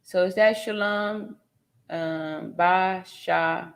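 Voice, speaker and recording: A woman's voice: lowish voice, steady tone, very slow, gravelly. A woman nurse from California hosting a casual livestream, reading viewer comments aloud and laughing often. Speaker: livestream host reading chat.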